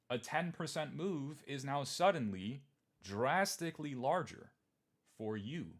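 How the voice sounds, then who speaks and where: A young man in his twenties giving a candid, emphatic livestream talk about markets and holding through downturns. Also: medium pitch. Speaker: trading streamer.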